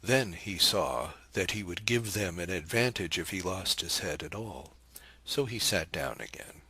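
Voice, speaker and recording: A man narrating a novel as an audiobook, in a measured, even storytelling manner on a close microphone. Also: low-pitched, breathy edge, no echo.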